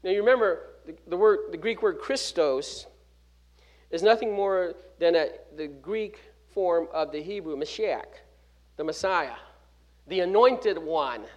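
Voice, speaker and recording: A man preaching a sermon, stressing key words and dropping from loud to hushed, with restarts and 'uh' fillers. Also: sits high, animated, measured pace, dull audio. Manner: emphatic preaching with sharp swings from loud to hushed; fills gaps with 'uh' and restarts words mid-phrase. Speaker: pastor.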